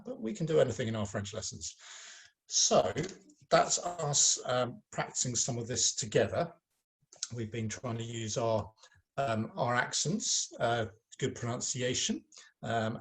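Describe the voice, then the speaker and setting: Casual, chatty male teacher. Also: lowish voice. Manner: informal and encouraging, with many ums and uhs. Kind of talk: recorded video lesson for children.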